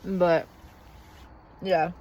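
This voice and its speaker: A woman's voice: fairly low pitch, level tone, drawn-out words, darkish tone, highs cut off. A woman talks in a blunt, profane, rambling way in a casual vlog, venting from inside a vehicle in a parking lot. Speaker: vlogger.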